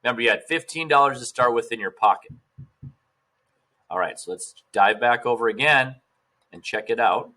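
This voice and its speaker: A man's voice: mid-range voice, normal speed, pauses often, pushed and bright. A male teacher giving a recorded math lesson, casual and upbeat, talking straight to his students.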